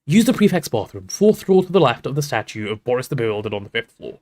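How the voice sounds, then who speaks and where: A man's voice: medium pitch, big pitch swings, fast, darkish tone. A man voicing a friendly teenage boy wizard with a breezy, confiding manner, in a book read aloud on a livestream.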